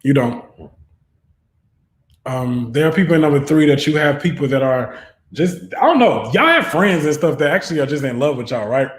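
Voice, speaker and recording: A man's voice: a little high, lively intonation, normal speed. A man giving an online tarot reading who talks in a preachy, fervent way and often rises into exhortation. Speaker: tarot reader. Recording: roomy echo.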